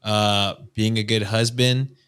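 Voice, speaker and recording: A man's voice: on the low side, little pitch movement, takes it slowly, a bit bright, clean tone. A man co-hosting a casual podcast, giving long earnest opinions with many hesitations. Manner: rambling, many "uh" fillers, earnest. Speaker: podcast co-host.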